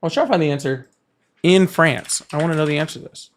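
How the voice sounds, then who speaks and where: Fast-talking and pitched on the high side, this man's voice carries a faint hiss or hum. He hosts a live political call-in stream in a casual chat style, blunt and dismissive toward callers, and thinks out loud between calls.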